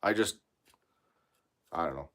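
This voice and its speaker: Low-voiced mechanic, blunt and profane. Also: male voice, measured pace, a bit bright. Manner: blunt, swears freely, rambling shop talk. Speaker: mechanic livestreaming from his shop. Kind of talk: casual live-stream chat, reading viewer comments. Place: his workshop.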